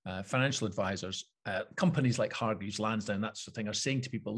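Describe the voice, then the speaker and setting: A Scottish man co-hosting a podcast, explaining things in an animated, opinionated way with frequent chuckles. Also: on the low side, fast, slightly rough. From Scotland. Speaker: podcast co-host. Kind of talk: casual chat.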